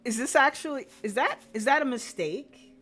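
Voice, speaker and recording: A woman's voice: sits high, expressive, normal speed, a bit bright. Chatty woman streamer. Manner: chatty, amused, questioning. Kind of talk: live game commentary.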